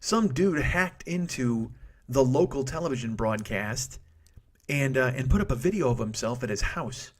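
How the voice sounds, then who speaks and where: A man's voice: medium pitch, lively intonation, moderate pace. A man in his forties hosting a comedy podcast, rambling through a profane monologue, cutting himself off and laughing at his own jokes. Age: 40s. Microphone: studio microphone.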